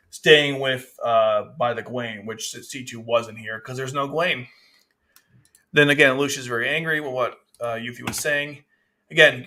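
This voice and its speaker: A man's voice: mid-range voice, pushed and bright. A man casually reviewing a manga chapter, rambling, with frequent restarts. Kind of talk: casual commentary.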